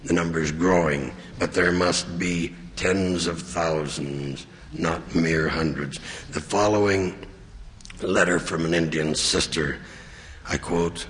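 A man giving an earnest, measured sermon as a church leader. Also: sits low, steady tone, a bit bright. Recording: long reverb of a large hall.

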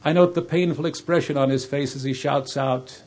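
A preacher telling a sermon story in a slow, vivid, dramatic way, with a husky voice. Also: male voice, medium pitch, steady tone, darkish tone.

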